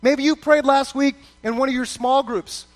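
A man's voice: extremely high pitch, steady tone, normal speed. A man preaching a conversational sermon to a congregation, acting out quoted prayers and often restarting his sentences. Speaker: pastor.

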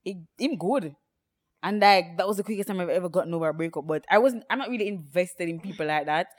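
A woman co-hosting a podcast in casual chat, chiming in with quick teasing remarks. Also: fairly low pitch. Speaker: podcast co-host.

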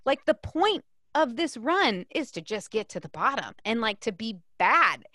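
A woman in her thirties talking as a guest on a podcast, emphatic and fast-flowing, with frequent "like" fillers. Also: a little high, very animated, bright, forceful tone, dry recording, studio quality. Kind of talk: podcast conversation.

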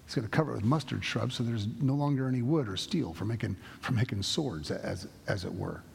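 A male pastor delivers a sermon in a loose, conversational way, often stopping and restarting his thoughts. His voice is gravelly and a bit husky. It carries a long echo, as if recorded in a large church hall. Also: mid-range voice, a little mellow. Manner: conversational, halting, with many restarts.

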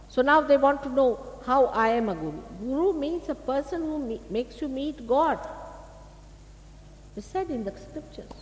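Emphatic Indian woman in an echoey hall. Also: fairly high pitch. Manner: emphatic, admonishing, uses rhetorical questions. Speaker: spiritual teacher. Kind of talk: public spiritual talk. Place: large public hall. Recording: echoey hall, faint hiss, old archive tape.

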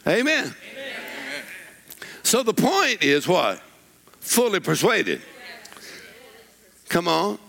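A man preaching a sermon in a church, telling folksy stories and building up to shouted declarations. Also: sits high, wildly swooping pitch, extremely slow, gravelly, long pauses. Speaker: pastor. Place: church sanctuary.

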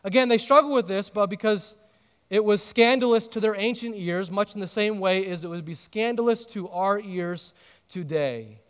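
A pastor delivers a sermon in a notably high-pitched male voice. He tells the story with lively animation and trades jokes with the congregation. His voice rings out with the long reverb of a large hall. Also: normal speed, clear, resonant tone. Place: church auditorium.

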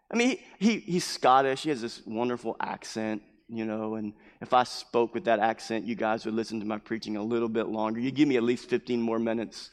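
A man preaching a sermon as pastor, impassioned and repetitive, bursting into loud emphases. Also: mid-range voice, long reverb tail. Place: church building.

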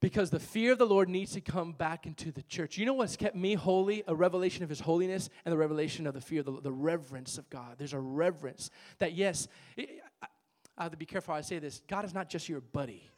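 High-voiced man preaching. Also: fast talker. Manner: emphatic call-and-response preaching with lively storytelling. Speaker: pastor. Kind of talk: sermon. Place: church with a worship team.

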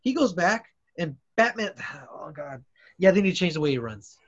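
A man co-hosting a casual podcast, with a high, husky voice that jumps all over in pitch. He talks in an animated, profane way and stammers as he restarts his sentences. His mic sounds muffled and lo-fi. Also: moderate pace. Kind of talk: casual chat.

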